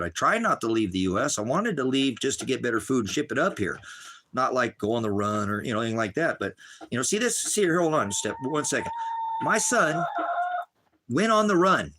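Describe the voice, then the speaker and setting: A man's voice: lowish voice, noisy background. A middle-aged man ranting on a livestream, talking in an agitated, rambling way and swearing constantly. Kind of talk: angry livestream rant.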